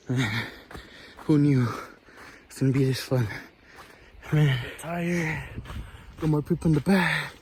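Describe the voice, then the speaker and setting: A man's voice: fairly high pitch, slight background noise. A young man vlogging a hike outdoors, slangy and upbeat, talking straight to his viewers while out of breath. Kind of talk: casual hiking vlog. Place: outdoors on a hiking trail.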